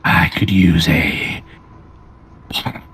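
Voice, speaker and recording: A man voicing a menacing armored male brute in a slow, deep, gravelly whisper. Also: fairly even intonation, fairly bright tone, full character voice. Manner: slow, cold and measured.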